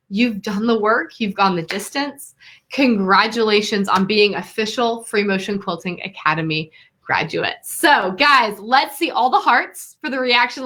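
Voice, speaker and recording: A woman's voice: medium pitch, pushed and bright. A woman teaching quilting online, giving an effusive, encouraging graduation speech to her students over a webcam. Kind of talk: live-streamed graduation address. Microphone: webcam, face to camera.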